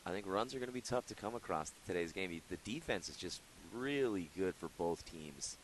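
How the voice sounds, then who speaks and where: Deep-voiced quick-talking male color commentator. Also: lively intonation, a little hiss or hum, rough recording.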